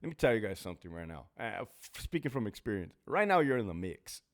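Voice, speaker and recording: A former prison officer hosts a casual talk show, swearing freely while telling stories and reading out viewer names in a storytelling monologue. He talks fast, with a fairly low voice and big pitch swings.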